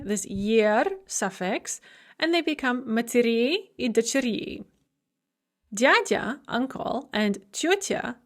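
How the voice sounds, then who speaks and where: A woman giving a recorded grammar lecture, explaining slowly and deliberately, with enthusiastic asides. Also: fairly high pitch. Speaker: Russian language lecturer.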